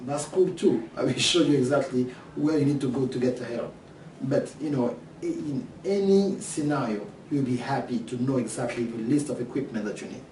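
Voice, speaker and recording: A man with a French accent presenting an online course preview, animated and acting out questions from students. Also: medium pitch, moderate pace, roomy sound, far from the mic, a little hiss or hum, rough recording. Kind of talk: course preview talk to camera.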